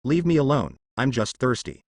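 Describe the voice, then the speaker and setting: A man's voice: mid-range voice, big pitch swings, moderate pace, darkish tone, no echo, studio quality. A man reading a storybook voices a cocky, carefree male billionaire who teases his foe. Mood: flippant. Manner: flippant, teasing.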